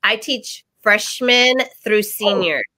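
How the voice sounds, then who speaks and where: A woman who fights professionally and also teaches school, chatting cheerfully in an interview. Her voice is bright and forward. She laughs easily and sounds relaxed. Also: mid-range voice, takes it slowly. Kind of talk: casual interview.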